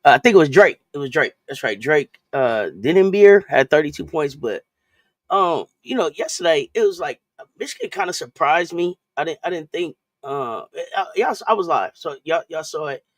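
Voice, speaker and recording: A woman's voice: low-pitched, expressive, moderate pace. A woman leads a laid-back sports chat on a live stream, speaking loosely and circling back over her own words. Her voice is close and dry, with no room echo. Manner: loose and chatty, repeats and restarts phrases, greets viewers in chat.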